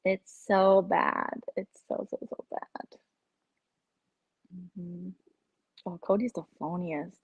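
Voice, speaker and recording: A woman's voice: fairly low pitch, steady tone, slow pace, gravelly, pauses often, slightly rough, no echo, phone-quality sound. A woman hosting a casual live-stream chat, gossiping candidly and sometimes dropping to a whisper.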